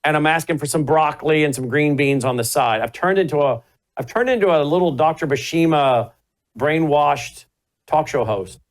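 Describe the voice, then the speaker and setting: A man's voice: fairly high pitch, normal speed. A middle-aged man hosting a talk show, telling rambling stories in casual chat and correcting himself as he goes. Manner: rambling storyteller, self-correcting.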